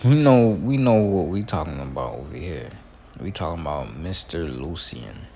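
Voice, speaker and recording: Deep-voiced young man with slangy banter. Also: expressive, moderate pace, vocal fry, dark tone, slight background noise. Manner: slangy, rambling and joking. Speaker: gaming channel host. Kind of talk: casual commentary over gameplay.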